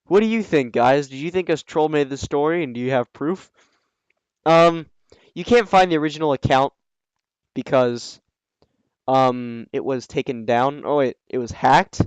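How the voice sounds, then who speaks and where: A man reading a story aloud and breaking in with sarcastic, scoffing asides, often pausing with ums. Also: mid-range voice, clear, resonant tone, dry recording, low-quality recording. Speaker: reader and commentator. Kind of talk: reading a fan story aloud with mocking commentary.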